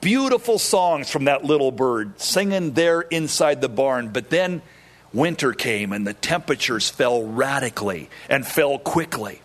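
A man preaching a sermon, telling a story and acting out quoted voices, with sudden drops into a low tone. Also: animated, a little slow, fairly bright tone.

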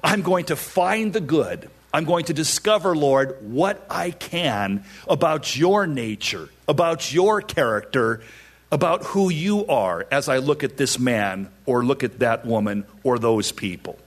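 A man's voice: mid-range voice, animated, unhurried. A middle-aged male pastor preaching a sermon, emphatic and repeating his phrases for weight.

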